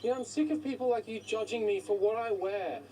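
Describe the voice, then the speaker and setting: A man's voice: sits high, a little fast, close to an everyday voice. An actor playing a creepy adult man who offers candy to a child, wheedling and self-pitying. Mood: aggrieved. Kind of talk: comedy sketch acting. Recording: distant clip with faint noise.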